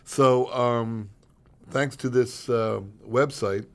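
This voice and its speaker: A man's voice: medium pitch, steady tone, extremely slow. A man hosting a radio show, trading casual banter with his co-host in a dry, teasing, mock-offended way.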